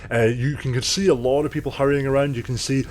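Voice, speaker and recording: A man's voice: mid-range voice, steady tone, fast talker. Guy running a tabletop game, rambly, lots of uhs, medium voice. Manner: rambling, many fillers. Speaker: game master.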